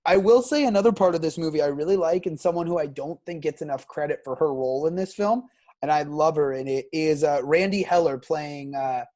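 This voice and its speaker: Relaxed man thinking aloud, slightly high voice. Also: brisk. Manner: relaxed, thinks aloud with frequent ums and restarts. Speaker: podcast co-host. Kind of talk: casual movie review chat.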